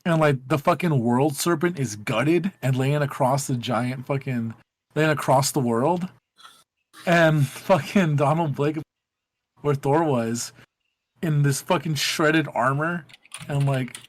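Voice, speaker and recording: A man's voice: a little high, no echo. Rambling, profane gaming podcast man. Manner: rambling, profane storytelling with many fillers. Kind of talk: casual group chat.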